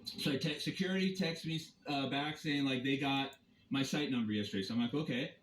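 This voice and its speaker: A man's voice: medium pitch, fairly quick, reverberant, a little hiss or hum, rough recording. A man in a heated, rambling rant, filming on his phone from inside a vehicle. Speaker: campground guest confronting staff and police. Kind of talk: agitated first-person rant. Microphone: phone camera.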